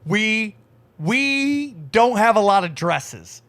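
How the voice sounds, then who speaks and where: Speaking very slowly in a high-pitched voice, this podcast host trades in casual comedic chat. His stories ramble and swear freely, delivered animatedly with put-on voices.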